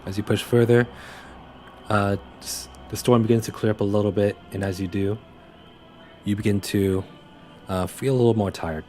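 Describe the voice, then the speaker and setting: A man's voice: fairly low pitch, steady tone, normal speed, pauses often, a little mellow, soft background music. A young man running a tabletop game as game master, narrating loosely with many fillers and restarts.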